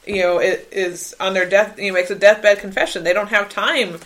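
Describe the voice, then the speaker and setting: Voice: mid-range voice, fairly even intonation, moderate pace, a bit bright, poor audio. A podcast co-host in a casual theology talk, speaking conversationally with many fillers.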